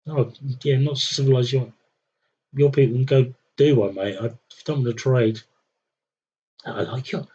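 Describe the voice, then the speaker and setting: A man's voice: mid-range voice, a little slow, pauses often, mellow, slightly rough, dull audio. A young man streaming a strategy game, thinking aloud with wry, muttered commentary. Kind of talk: casual live gameplay commentary.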